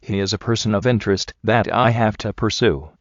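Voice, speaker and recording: A man's voice: fairly low pitch, brisk, dry recording, dull audio. A man playing a blunt detective. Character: determined male police detective.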